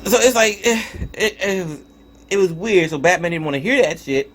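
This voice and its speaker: A man's voice: sits high, moderate pace, fairly bright tone, slight background noise. A young man giving a casual spoken review of a cartoon episode, swearing and ranting in exasperation with frequent restarts. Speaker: TV show reviewer.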